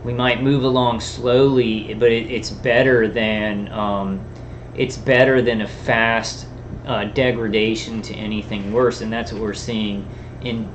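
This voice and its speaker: A man talking in a halting, rambling monologue, full of restarts and fillers. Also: lowish voice, level tone, a little hiss or hum. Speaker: vlogger. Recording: dull lo-fi sound.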